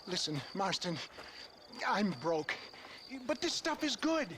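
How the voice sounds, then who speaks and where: An actor playing a pompous, smooth-talking older snake-oil salesman in a video game, speaking in florid, grandiose phrases. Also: high voice, big pitch swings, takes it slowly, background noise, heavily acted. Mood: pitchy. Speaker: traveling tonic salesman.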